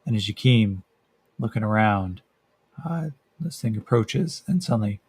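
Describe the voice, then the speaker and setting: A man narrating a solo tabletop role-playing game as game master, describing scenes and rolling dice with frequent pauses and fillers. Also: lowish voice, animated, a little mellow, slightly rough, dry recording. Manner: hesitant, many fillers, descriptive.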